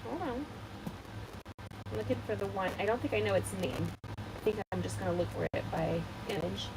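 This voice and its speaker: A woman's voice: mid-range voice, moderate pace, heavy background noise. A woman hosting a live card-making stream, chatting in a bubbly way straight to her viewers as she demonstrates. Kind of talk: casual live craft demonstration.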